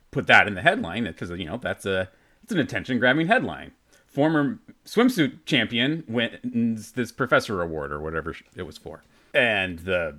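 Young guy on a podcast, lowish voice, rambles and corrects himself a lot. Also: fairly bright tone. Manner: rambling, self-correcting, laughing. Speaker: podcast co-host. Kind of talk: casual storytelling chat.

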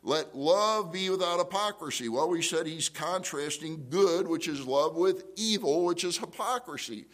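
A man's voice: on the high side, lively intonation, moderate pace, few pauses, a bit bright. A middle-aged male pastor preaching a sermon in a conversational way, asking the congregation questions.

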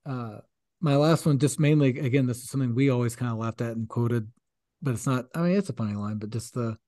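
A laid-back man co-hosting a film review podcast, laughing easily and passing the floor to his friends. His middle-pitched voice is recorded close, in a dry, dead room. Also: dark tone, no room sound. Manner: laid-back, quick to laugh, steers the turns. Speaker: podcast co-host. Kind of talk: casual movie review chat.

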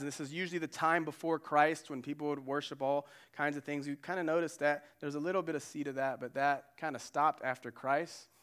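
A man pastor preaching a sermon, conversational and animated, with side digressions. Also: fairly high pitch, smooth.

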